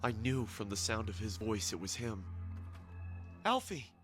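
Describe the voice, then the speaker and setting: A young man narrating as a haunted figure recalling his brother's kidnapping, in a somber, hushed scripted narration. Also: on the low side, sing-song, a little slow. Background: music.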